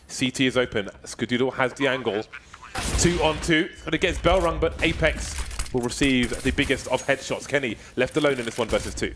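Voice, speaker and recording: A man's voice: medium pitch, fairly quick. A man provides playful color commentary for a live esports match, his mid-range voice drawn out for emphasis on key moments. He jokes freely between calls. A faint noise floor runs underneath.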